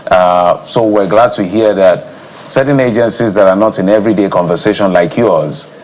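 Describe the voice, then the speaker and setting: A Nigerian man anchoring a TV news interview, chatty and animated as he questions his guest. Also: lowish voice, normal speed, highs cut off. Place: TV studio.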